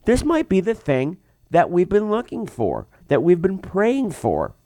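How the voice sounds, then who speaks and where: A man's voice: high-pitched, huge pitch swings, a little slow, dark tone, dry recording, pitched above the performer's own voice, heavily acted. A man briefly voicing an exasperated, pleading husband while retelling a film.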